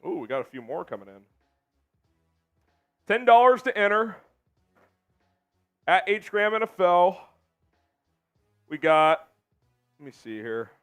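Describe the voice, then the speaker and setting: A man hosting a live sports stream, chatting in a relaxed way about raffles and viewer messages. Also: high voice, unhurried, pauses often, smooth, soft background music. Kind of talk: casual live-stream chat.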